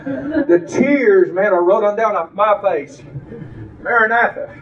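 A man preaching a fervent revival sermon, shouting, laughing and close to tears with excitement. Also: sits high, measured pace, a little hiss or hum. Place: church sanctuary. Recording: echoey church, distant, dull, crowd.

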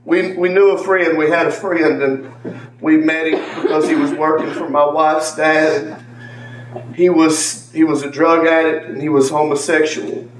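A man's voice: on the high side, level tone, measured pace, background noise. A man giving an earnest church testimony, repeating phrases and calling on members of the congregation by name. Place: church sanctuary. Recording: echoey church from far off with faint ambience.

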